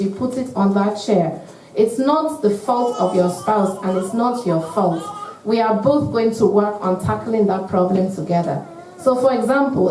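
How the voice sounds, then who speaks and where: A woman giving an earnest, measured talk to couples at a church, acting out sample phrases as she teaches. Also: mid-range voice, warm tone, a little hiss or hum. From United Kingdom. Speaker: church marriage speaker. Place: church hall. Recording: echoey hall, mic at a distance.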